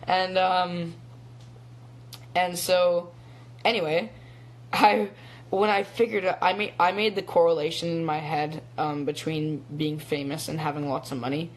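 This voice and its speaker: A teenage boy who acts rambles through a casual phone live stream, full of ums and short laughs. His male voice runs on the high side with fairly even intonation and a somewhat slow pace.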